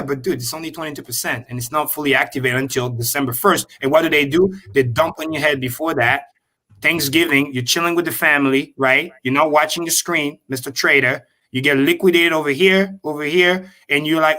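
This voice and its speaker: A man talking through trading charts on a casual livestream, emphatic and blunt, with swearing, repeating key points slowly. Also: a little high, bright, forceful tone. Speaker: guest crypto trader.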